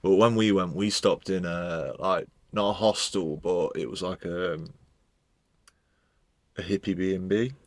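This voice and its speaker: A man co-hosting a podcast, telling relaxed, rambling anecdotes full of slang. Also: deep voice, measured pace, no room sound. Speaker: podcast co-host. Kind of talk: casual chat.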